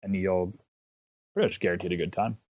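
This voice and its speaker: Low-voiced man, rambling and self-deprecating. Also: fairly even intonation, fairly quick, a little mellow, no echo, highs cut off. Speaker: guest caster. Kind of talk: casual interview chat.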